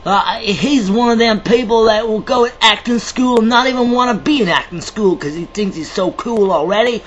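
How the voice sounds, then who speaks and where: Bright-voiced rambling male vlogger. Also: high voice, normal speed, dull audio, slight background noise. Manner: theatrical, self-described dramatic, chatty. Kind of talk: rambling casual monologue to camera.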